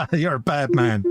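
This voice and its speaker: A middle-aged man with a London accent, co-hosting a live hobby stream in easygoing, self-mocking chat. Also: medium pitch. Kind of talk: casual banter.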